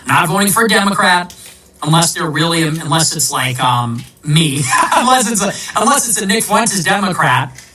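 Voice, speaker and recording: A man's voice: fairly high pitch, pushed and bright, far from the mic, rough recording. Combative, sarcastic man ranting. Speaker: political commentator. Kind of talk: ranting monologue.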